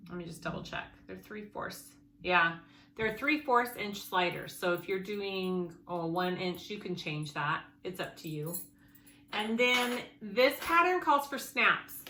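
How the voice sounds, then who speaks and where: A woman hosting a casual sewing tutorial, chatting as she goes over her pieces and correcting herself along the way. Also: medium pitch. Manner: chatty, thinking aloud, self-correcting. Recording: echoey room, faint background noise.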